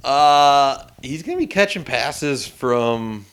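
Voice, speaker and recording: A man's voice: mid-range voice, animated, takes it slowly, fairly bright tone, clean tone. A man co-hosting a casual sports podcast, telling stories in an easygoing, rambling way. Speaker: sports reporter and co-host.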